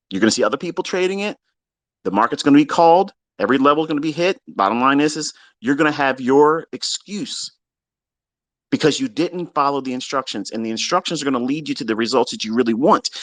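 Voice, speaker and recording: His voice a little high and brisk, with big pitch swings and a fairly bright tone, a man mentoring traders lectures his students in a profane, exasperated tirade. It's captured in a live audio chat room with no room sound.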